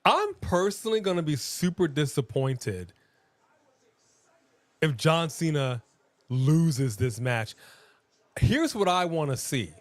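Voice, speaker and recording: A man's voice: on the high side, animated, slow pace, long pauses, no echo. Chatty man co-hosting a wrestling stream. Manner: chatty, rambling, frequent restarts and laughs. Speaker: watch-along co-host. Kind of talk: casual live-stream commentary.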